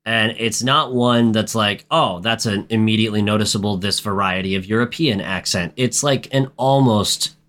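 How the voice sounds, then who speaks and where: A man co-hosting a casual movie podcast, recapping the plot in a relaxed, matter-of-fact way. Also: on the low side, normal speed, few pauses. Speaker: podcast co-host.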